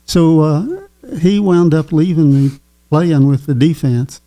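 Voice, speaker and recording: A man's voice: a little high, mellow. Chuckling older man. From Kentucky. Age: 80s. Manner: chuckling, folksy, halting with fillers. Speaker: guest. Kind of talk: casual storytelling.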